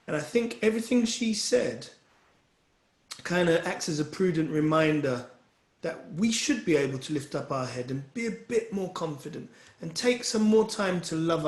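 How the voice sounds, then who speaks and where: A man's voice: fairly high pitch, reverberant. A man leading a wellbeing session, giving a motivational talk in an earnest, encouraging way and speaking directly to his listeners.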